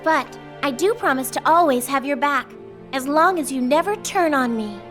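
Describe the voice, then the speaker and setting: A high, bright voice belongs to a proud teenage girl mage in an anime dub. She lectures and flares up fast. Soft music plays behind her. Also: lively intonation. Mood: guarded.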